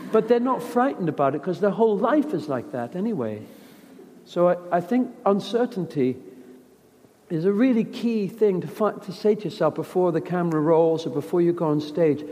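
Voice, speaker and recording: A man's voice: high-pitched, mellow, in a large hall. A middle-aged actor speaking casually in an interview, reflective and rambling, often restarting his sentences.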